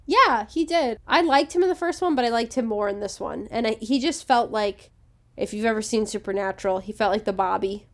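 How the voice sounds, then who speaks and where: A woman co-hosting a podcast in casual chat, chatty and confident, often trailing off softly. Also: on the high side, fairly quick. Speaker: podcast co-host.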